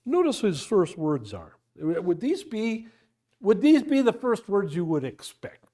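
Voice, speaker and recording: A man leads a church Bible study in a loose, conversational way. His slightly high voice swings up and down a lot as he fires off rhetorical questions and acts out little quotes. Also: huge pitch swings, measured pace, warm tone. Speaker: Bible teacher. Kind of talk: informal Bible class teaching. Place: church classroom.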